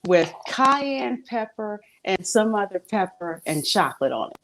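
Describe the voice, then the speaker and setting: A woman's voice: medium pitch, big pitch swings, unhurried, fairly bright tone. A woman hosting a casual livestream chat, informal and laughing often. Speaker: livestream host.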